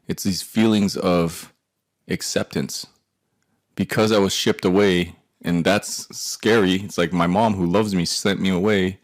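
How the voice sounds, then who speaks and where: A man in his forties telling his own story, his voice very deep and full of gravelly fry. He rambles and swears freely, dropping into muttered asides. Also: fairly even intonation, measured pace. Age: 40s. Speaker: artist telling a life story. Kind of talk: profane personal storytelling monologue.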